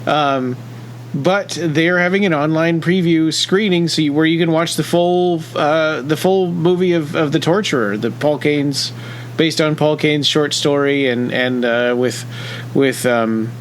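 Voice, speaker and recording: An easygoing man co-hosting a podcast, chatting with loose, rambling asides. His voice is on the high side. A faint hum sits behind him. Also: unhurried. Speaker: podcast co-host. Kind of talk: casual chat.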